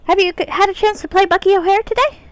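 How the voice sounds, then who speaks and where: A woman streamer putting on a high, shrill, bouncy pixie voice while chatting during a game stream. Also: fairly even intonation, fast talker, no room sound. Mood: chirpy. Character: high shrill female pixie, chirpy and foul-mouthed. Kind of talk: live game stream chat.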